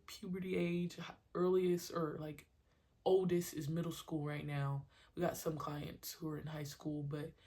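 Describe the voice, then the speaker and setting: A woman with a slightly low voice speaks in a casual, slangy monologue about training kids. She is animated and conversational, and often bursts into her own coaching calls. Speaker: podcast host and youth sports trainer.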